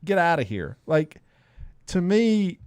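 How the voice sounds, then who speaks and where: A middle-aged man co-hosting a podcast in casual chat, emphatic and quick to laugh. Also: fairly high pitch, very animated, a little mellow, clean tone, no echo. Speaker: podcast co-host.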